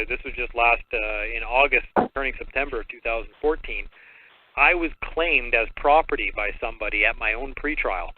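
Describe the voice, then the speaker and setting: Male radio host, plain-spoken, brisk, phone-quality audio. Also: mid-range voice, no echo. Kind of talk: call-in radio talk. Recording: tinny phone line.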